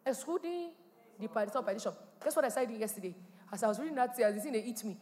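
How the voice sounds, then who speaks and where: A woman pastor, preaching a sermon with animated delivery and sudden loud exclamations. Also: on the high side, quick pace, long reverb tail. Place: church hall.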